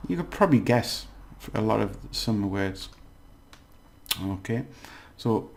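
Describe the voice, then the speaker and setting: Gravelly low-voiced man teaching. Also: animated, darkish tone. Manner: explains slowly, repeats words, many fillers. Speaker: language teacher. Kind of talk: casual language lesson.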